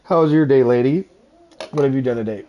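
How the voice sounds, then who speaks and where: A man hosting a game livestream in an easygoing, chatty way, joking with his viewers and often laughing between thoughts. His voice sits at an ordinary middle pitch, and he explains what he is building as he talks. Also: a little fast, highs cut off, a little hiss or hum. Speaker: streamer. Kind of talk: casual livestream chat and gameplay commentary.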